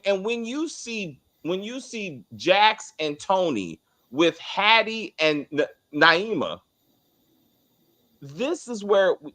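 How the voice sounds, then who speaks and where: A man's voice: high-pitched, sharp tone. A man co-hosting a casual TV review, ranting heatedly with lots of swearing and restarts. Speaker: co-host of a TV review show. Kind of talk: casual spoiler review chat.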